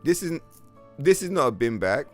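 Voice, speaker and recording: A man's voice: mid-range voice, very animated, moderate pace, faint music behind. A man from London with a London accent, chatting bluntly and profanely as he streams a game, with trollish banter. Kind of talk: casual livestream chat.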